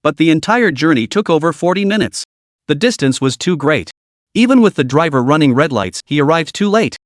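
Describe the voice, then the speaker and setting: A man narrating a scripted story recap with dramatic, expressive delivery. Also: on the high side, fairly quick, no room sound, studio quality.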